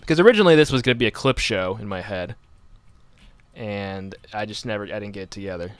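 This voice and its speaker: Smooth-voiced man rambling on a radio show. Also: fairly low pitch, animated, fast, no room sound. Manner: rambling, joking, many restarts. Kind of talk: casual chat.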